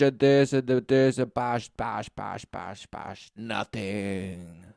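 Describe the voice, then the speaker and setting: A man's voice: mid-range voice, fairly even intonation, slow pace, gravelly, a little mellow, clean tone, no room sound, clean studio sound. A man giving sarcastic, rambling commentary, mocking and repeating himself.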